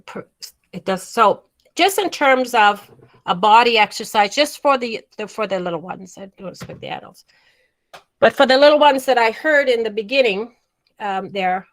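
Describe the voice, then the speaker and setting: A woman's voice: fairly high pitch, fairly bright tone. A woman leads a storytelling workshop over a video call, with an emphatic manner. She drags out words she wants to stress and often restarts her phrases as she explains. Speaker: storytelling teacher.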